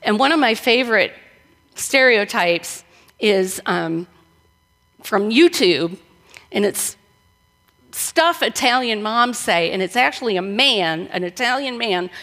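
A woman's voice: medium pitch, lively intonation, slow pace, pauses often, a bit bright. A woman pastor from the northern United States, giving a conversational sermon full of rhetorical questions. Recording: long reverb of a large room.

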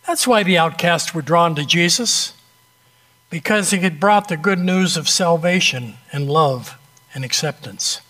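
A man preaching a sermon, telling an illustrative story with dramatic pauses and a conversational, direct manner. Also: on the high side, bright, forceful tone.

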